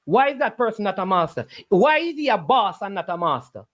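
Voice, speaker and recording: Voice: medium pitch, sing-song, a little fast. A livestream host, arguing back at the chat with preachy rhetorical questions. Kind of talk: casual argumentative livestream talk.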